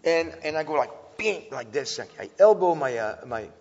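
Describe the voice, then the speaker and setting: A man's voice: fairly high pitch, animated, normal speed, a little mellow. Earnest man speaking in an echoing hall. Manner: earnest, with frequent restarts and filler sounds. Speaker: speaker teaching about antisemitism. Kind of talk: animated talk to an audience. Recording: dull lo-fi sound with long hall reverb.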